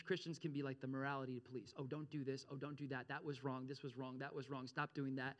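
Animated man preaching a sermon. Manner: animated, addresses congregation with frequent check-ins; repeats phrases, rises in pitch and volume for emphasis. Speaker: pastor.

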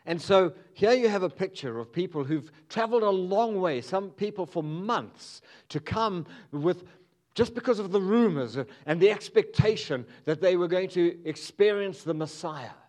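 A man leading a church sermon as its pastor, telling stories in a relaxed, chuckling way. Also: high-pitched, normal speed. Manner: easygoing, chuckling storyteller. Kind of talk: sermon with opening jokes.

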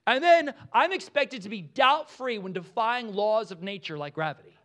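A man preaching a sermon, animated, acting out the lines with voices and laughing often. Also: high voice, normal speed. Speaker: pastor.

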